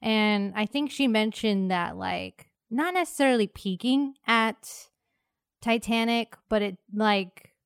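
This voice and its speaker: A woman's voice: on the high side, slow pace, vocal fry, smooth, no room sound, clean studio sound. A woman from Texas co-hosting a casual movie chat, rambling with lots of restarts. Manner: rambling, many fillers and restarts, laughs often. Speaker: podcast co-host.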